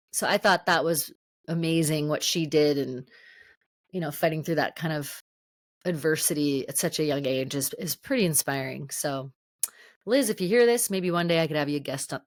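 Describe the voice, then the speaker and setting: A woman hosts her own podcast alone and talks in a loose, rambling way, often correcting herself mid-sentence. Her voice sits a little low for a woman. The sound is close and dry, with no room echo. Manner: chatty, self-correcting storyteller with lots of fillers. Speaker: podcast host. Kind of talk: solo podcast monologue.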